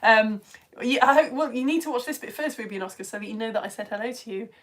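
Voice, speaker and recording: Speaking quickly in a high, slightly bright voice, a woman with a British accent runs a live online science class for home-schooled children. She reads the chat aloud, bubbly and chatty, with frequent laughter.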